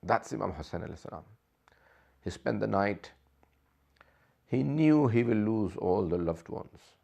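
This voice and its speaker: A man's voice: on the low side, expressive, measured pace, creaky, darkish tone. A man delivering an emotional religious sermon, telling the story with impassioned, rising delivery. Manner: impassioned storytelling, voice rising and straining when quoting. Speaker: speaker.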